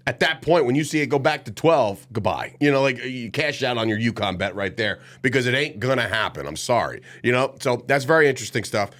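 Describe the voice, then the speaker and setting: A man's voice: medium pitch, fairly bright tone. Male sports show host, stuffy nasal voice, rambling casual delivery, corrects himself a lot. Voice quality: nasal today, sniffly. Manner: loose, rambling, self-correcting.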